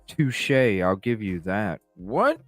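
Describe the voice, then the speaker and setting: A man hosting a podcast reads text messages aloud and reacts with profane, incredulous commentary. His voice is lowish and he takes it slowly, with faint music behind him.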